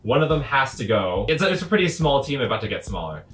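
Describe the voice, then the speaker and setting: A man's voice: medium pitch, fast. A man casually commenting on his own comics, chatty with lots of fillers. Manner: chatty, lively, frequent laughs and fillers.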